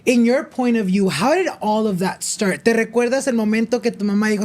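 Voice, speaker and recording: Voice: mid-range voice, fast talker, few pauses, darkish tone. A podcast host asking questions in a playful, teasing way, mixing English and Spanish. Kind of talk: casual interview chat.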